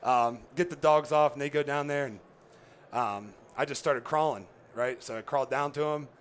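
A man, a former pro football player, telling an animated hunting story, laughing and acting out what others said. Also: mid-range voice, normal speed. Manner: excited, laughing, acts out quoted voices.

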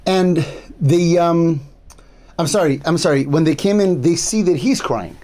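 A man's voice: on the high side, unhurried, warm tone. A man giving a Torah sermon, earnest and building his point through repeated rhetorical questions. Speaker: rabbi giving a Torah class.

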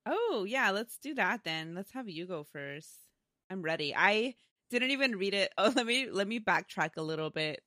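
A woman's voice: medium pitch, expressive, moderate pace, pushed and bright, no room sound, clean studio sound. A woman co-hosting a casual spooky-story podcast, chatting and laughing often as she reads a listener's story aloud. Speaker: podcast co-host.

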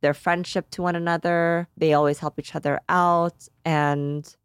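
Low-voiced woman in casual chat. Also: little pitch movement, a little slow, clear, resonant tone, no room sound, studio quality. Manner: emotional, grateful, rambling with many "like"s. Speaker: podcast co-host.

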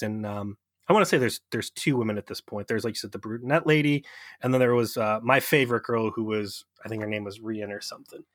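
A young adult man co-hosting a podcast, casually recapping an episode with profane, animated storytelling. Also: lowish voice, fast, no room sound, clean studio sound. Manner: profane, animated storytelling with mocking quoted voices. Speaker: podcast co-host.

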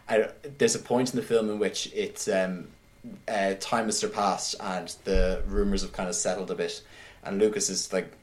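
A man in casual conversation, retelling a film scene by scene in an animated way, with many "like"s. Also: sits low, normal speed, hardly any pauses. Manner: animated retelling, heavy use of "like". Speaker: podcast guest discussing films.

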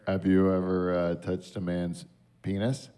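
A man's voice: low-pitched, level tone, measured pace, dark tone, clear, resonant tone. A man hosting a late-night show, bantering bluntly and swearing freely. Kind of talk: casual on-air banter.

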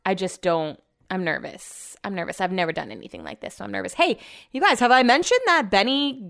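A young woman casually telling stories to her viewers at home, animated and sprinkled with swearing and "like". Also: medium pitch, clean tone. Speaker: vlogger. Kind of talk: casual chatty storytelling.

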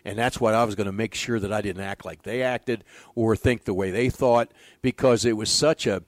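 An older man, a former pitching coach, telling stories in an interview with a folksy, animated manner, acting out the dialogue. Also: moderate pace, no room sound. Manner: folksy, animated storyteller who acts out quoted dialogue. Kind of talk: storytelling in a conversational interview.

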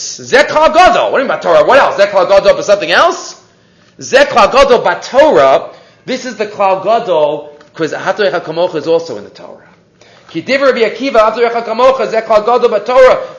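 A man giving a weekly Torah class, reading Hebrew sources and explaining them in English. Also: high-pitched. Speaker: Torah teacher. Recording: echoey room, dull lo-fi sound.

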